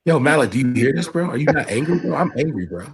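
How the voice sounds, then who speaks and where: Man, livestream host, teasing banter, mock outrage, mid pitch. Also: sing-song, quick pace, crowd noise. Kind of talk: casual livestream chat.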